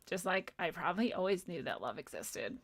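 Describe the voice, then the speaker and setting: A woman's voice: lowish voice, very animated, a little fast. A woman hosting a spiritual livestream, talking casually and candidly, swearing freely and laughing often as she rambles through her thoughts and reads out viewer comments.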